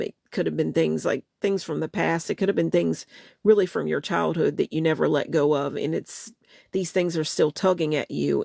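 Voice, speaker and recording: A woman's voice: low voice, creaky, mellow, dry recording, studio quality. A woman hosting her channel, chatting casually and rambling, often repeating and restarting her phrases. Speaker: channel host. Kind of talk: casual livestream chat, reading lyrics.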